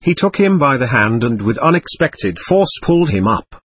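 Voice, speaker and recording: A man narrating an audiobook in a husky voice, with lively, expressive pitch. The sound is dry and close, with no room around it. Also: moderate pace, dry recording. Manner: expressive reading. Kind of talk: scripted narration.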